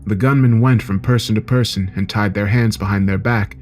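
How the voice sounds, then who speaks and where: A man narrating a horror story in a steady, measured way. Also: lowish voice.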